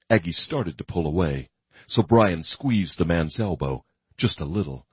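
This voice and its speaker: Deep, husky male audiobook narrator. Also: expressive, measured pace, no echo. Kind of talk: scripted narration.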